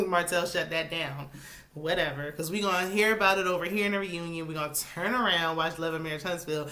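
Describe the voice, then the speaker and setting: A sassy woman with a lowish, bright, forceful voice chats through her reality TV recap. She drops into asides and shoots up into high exclamations when something annoys her. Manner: sassy, animated commentary with sudden high-pitched exclamations. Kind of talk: casual chat.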